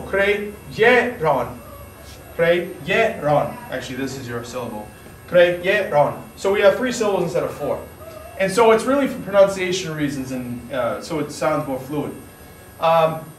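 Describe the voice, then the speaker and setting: A man's voice: sits high, fairly bright tone, slight background noise. A man teaching a grammar lesson in an informal style, explaining step by step with frequent restarts, recorded from a distance in a room. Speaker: Spanish teacher. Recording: echoey room, mic far off, faint ambience.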